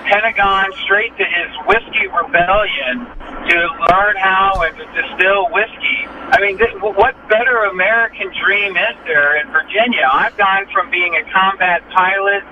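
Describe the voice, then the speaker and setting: A man with a slightly high voice delivers his points in the earnest rhythm of a campaign speech. The sound is a little dull and muffled. Steady background noise runs clearly under his voice. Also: normal speed. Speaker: congressional candidate, guest. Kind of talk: radio interview.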